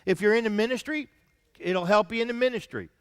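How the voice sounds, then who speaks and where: A man with a high, clear, resonant voice delivers a sermon as senior pastor at a brisk clip in a big-sounding room. He reads scripture aloud between his points and drops to soft asides.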